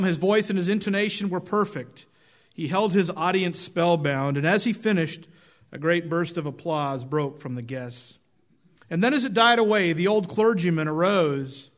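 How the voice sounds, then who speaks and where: Male preacher giving a sermon, slightly high voice, measured and emphatic. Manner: measured, emphatic, drops low at phrase ends.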